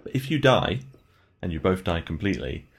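Brief: low-pitched male co-host, loose rambling review chat, laughs easily. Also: very animated, brisk, gravelly, breathy edge. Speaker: podcast co-host. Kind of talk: casual game review chat.

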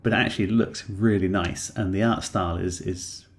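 A man's voice: low voice, steady tone, normal speed. A man co-hosting a podcast, enthusiastic and thinking aloud in a casual game review chat. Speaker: podcast co-host.

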